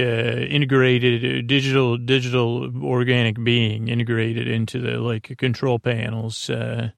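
A man hosting a sleep podcast, recapping an episode in a halting, hesitant way with many pauses. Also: medium pitch, creaky, no room sound, studio quality. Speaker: podcast host.

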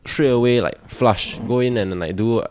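A man's voice: medium pitch, normal speed, a little mellow, no echo. A man in his late twenties with a Singaporean English accent, chatting casually as a podcast guest with lots of restarts. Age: 20s. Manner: chatty, lots of restarts and fillers, laughs easily. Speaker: guest athlete.

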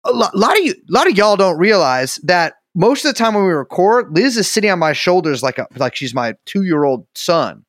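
A man co-hosting a podcast, his voice sitting a little high and swinging up and down a lot. He rambles, cuts himself off and swears casually. The sound is dry, with no room echo. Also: sing-song, moderate pace, hardly any pauses, fairly bright tone. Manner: rambling, self-interrupting storyteller, swears casually. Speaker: podcast co-host. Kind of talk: casual joking chat.

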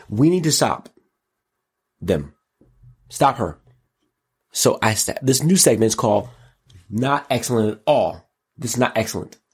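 Husky, gravelly male commentary host. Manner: animated, mocking, jumps into high exclaims. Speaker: show host. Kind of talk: casual pop-culture and politics commentary.

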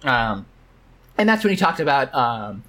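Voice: mid-range voice, big pitch swings, unhurried, fairly bright tone. A podcast co-host in casual chat, talking animatedly and laughing often while recounting and reading out an interview.

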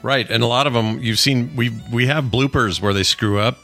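A man's voice: mid-range voice, normal speed, a bit bright, faint music behind. A middle-aged man hosting a podcast with his daughter, chatting casually and rambling, often correcting himself mid-sentence. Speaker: podcast host, father. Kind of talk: casual chat.

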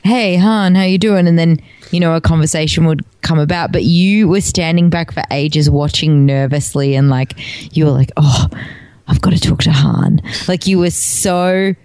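A woman's voice: low voice, moderate pace, darkish tone, clear, resonant tone, dry recording. A woman co-hosting a podcast, chatting casually and teasing with frequent laughs. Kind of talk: casual chat.

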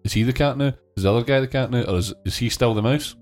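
A man's voice: medium pitch, fast talker, soft background music. A man co-hosting a film podcast, joking and bantering playfully in casual chat. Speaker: podcast co-host.

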